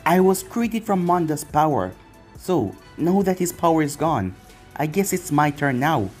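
A narrator voicing a young woman who is fading away, speaking softly and consolingly in a storybook reading. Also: medium pitch, sing-song, unhurried, faint music behind. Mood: tender.

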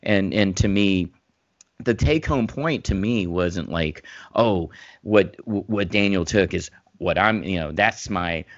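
Taking it slowly in a low voice, a male co-host of a casual podcast, once a physician, rambles in long stretches full of restarts that become emphatic. There's no echo, just a dull, dry remote mic sound.

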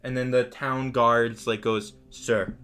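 A man's voice: a little high, a little slow, a bit bright. A young man narrating a tabletop game as game master, casual and rambling, with lots of fillers. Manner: casual, rambling, full of "like" and restarts.

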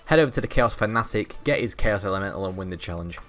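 A man's voice: lowish voice, expressive, fast, a bit bright. A young man, host of a gaming channel, giving cocky, boastful gameplay commentary full of banter and swearing.

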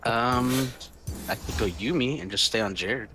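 A man's voice: mid-range voice, normal speed, sharp tone, a little hiss or hum. A young man from Texas chatting casually while gaming, hesitant and sheepish.

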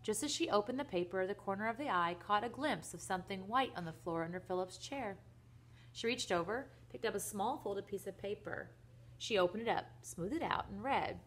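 A woman reading a children's book aloud, with gentle asides to her listeners. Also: medium pitch, animated, a little fast. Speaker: reader.

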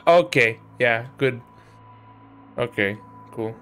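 A man's voice: medium pitch, lively intonation, a little slow, faint music behind. A young man streaming a video game, chatting casually with profane jokes and frequent laughter. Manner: profane, joking, laughs often. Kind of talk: casual live gameplay commentary.

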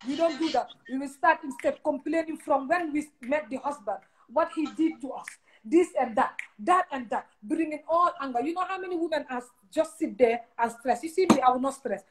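A woman's voice: high voice, fairly quick, hardly any pauses, a little hiss or hum, low-quality recording. A woman with a Gambian accent giving blunt, emphatic relationship advice in casual chat, slipping into local-language phrases. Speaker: advice giver.

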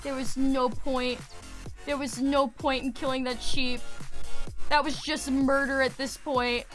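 A woman streaming a game, chatting casually with her viewers, excitable, repeating herself and swearing. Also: high voice, measured pace, faint music behind. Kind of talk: casual gameplay commentary.

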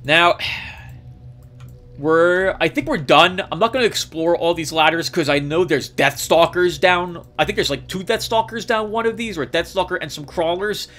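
A man hosting a let's play, chatting casually and rambling excitedly as he plays, laughing often. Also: sits high, normal speed. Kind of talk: casual gameplay commentary.

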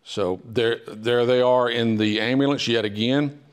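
A man's voice: mid-range voice, fairly even intonation, unhurried, clear, resonant tone. Chatty male author telling history. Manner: chatty, humorous, with frequent "uh" fillers. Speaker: author giving a talk. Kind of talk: casual storytelling talk. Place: public library meeting room.

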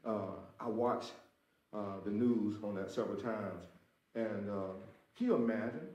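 A man's voice: lowish voice, a little slow, mellow, lo-fi sound. A man preaching a sermon as pastor, emphatic, repeating his phrases and speaking straight to the congregation. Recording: roomy echo.

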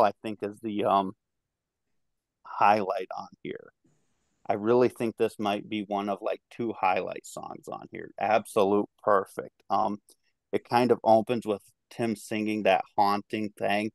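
A music podcast reviewer in his thirties, with a twangy Midwestern American accent, rambles through a casual album review full of fillers and restarts. His voice is on the low side with a slight twang, recorded dry.

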